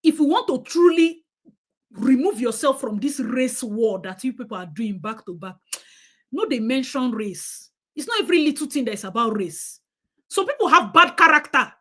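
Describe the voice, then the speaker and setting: With a Nigerian accent and a high, somewhat bright voice, a woman hosts a live stream at a normal speed. She's animated, giving her viewers emphatic, opinionated commentary and drifting into Nigerian Pidgin.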